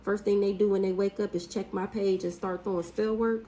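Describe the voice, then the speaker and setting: Woman, mid-pitched voice, spiritual reading, casual monologue, blunt, profane, humming asides. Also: fairly even intonation, mellow, slight background noise, low-quality recording. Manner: blunt and profane, with drawn-out hums and exclamations. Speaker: spiritual reader.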